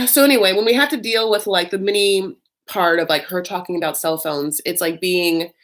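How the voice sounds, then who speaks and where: A woman's voice: on the low side, fairly even intonation, moderate pace, fairly bright tone. A woman giving a sassy, gossipy recap of a reality TV episode, full of "like" and "honey". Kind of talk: casual recap commentary.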